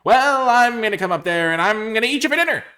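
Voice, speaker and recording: A man voicing a mean old troll from a storybook, speaking in slow, loud threats. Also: high-pitched, animated, pitched above the performer's own voice. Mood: menacing.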